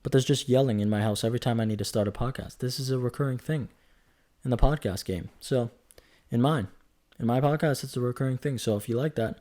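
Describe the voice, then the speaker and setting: A fast-talking man in his twenties with a mid-range, dark-toned voice runs a casual solo podcast. His talk is rambling and chatty, full of jokes and self-corrections.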